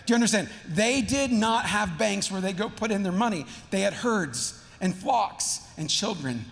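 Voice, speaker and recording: A man's voice: high-pitched, expressive, moderate pace, vocal fry, a bit bright, long reverb tail. A man, a teaching pastor, preaching a sermon in a church in a casual, slangy, conversational way. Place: church sanctuary.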